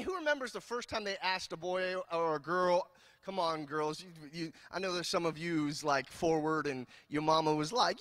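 A man from California preaching a sermon as pastor, telling jokes and stories in an animated way. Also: fairly high pitch, no echo. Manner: animated, joking storyteller. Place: church.

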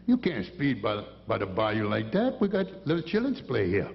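A man's voice: on the low side, huge pitch swings, moderate pace, creaky, dull audio, a little hiss or hum, full character voice. A man voicing a fat, bossy male Cajun deputy sheriff who speaks in drawling, broken grammar, with a Cajun accent. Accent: Cajun English.

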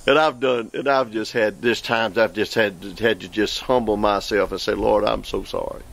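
A man from the southeastern United States with a Southern accent, preaching an informal sermon full of stories, exuberant, exclaiming and repeating words when excited. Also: lowish voice, normal speed. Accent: Southern American.

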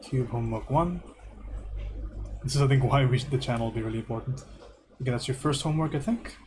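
A man teaching art on a livestream, going through student homework and giving relaxed, encouraging feedback. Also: medium pitch, fairly quick, slight background noise. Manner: relaxed and encouraging, thinks aloud with repeated praise.

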